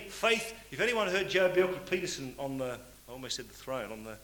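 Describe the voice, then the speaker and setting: A middle-aged man giving a motivational speech to a sales audience, swinging between loud preaching and quiet, confiding storytelling. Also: medium pitch. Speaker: motivational speaker at a sales meeting. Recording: hissy old cassette tape in a roomy hall.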